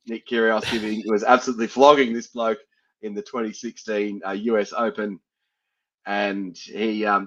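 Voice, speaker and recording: Here a podcast host, an Australian man, talks sports in a relaxed way and chuckles at his own fumbles. He speaks on the low side with a fairly bright tone, captured in dull lo-fi audio.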